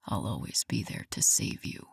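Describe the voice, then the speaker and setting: A woman voicing a deep-voiced, protective male werewolf love interest in an audiobook, speaking low and soft. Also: fairly even intonation, a little slow, gravelly, slightly rough, no echo, clean studio sound, exaggerated voice. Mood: tender whisper. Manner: low, soft, often whispered. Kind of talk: audiobook character voice.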